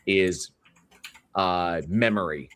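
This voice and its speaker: A man's voice: deep voice, drawn-out words, fairly bright tone. A man hosting a livestream, chatting casually in a rambling way, reading viewer comments aloud and often restarting his sentences with fillers. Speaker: livestream host.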